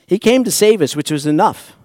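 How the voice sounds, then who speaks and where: A man preaching a sermon to a congregation, moving between hushed, slow passages and fervent, rising exhortation, with folksy asides to his listeners. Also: sits high, lively intonation, no echo. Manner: shifts from hushed intimacy to impassioned, rising exhortation. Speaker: pastor. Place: church sanctuary.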